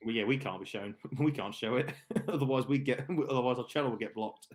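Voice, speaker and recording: A man hosting a live darts stream in a relaxed, chatty way. His voice sits at an ordinary middle pitch. He laughs easily and talks loosely with his co-hosts. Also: a little fast. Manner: chatty, laughing, reads viewer questions aloud. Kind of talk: casual live stream chat.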